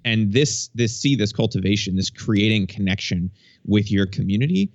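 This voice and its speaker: Low-voiced chatty male co-host. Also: animated, moderate pace, no room sound, muffled recording. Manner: conversational, laughs often, repeats words. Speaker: podcast co-host. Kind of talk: casual podcast chat.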